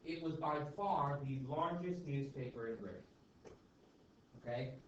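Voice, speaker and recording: A man's voice: on the high side, unhurried. Guy teaching a class, chatty, keeps saying okay and right, echoey room, kinda distant and noisy. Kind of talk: classroom lecture. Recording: echoey classroom, far mic, dull and noisy.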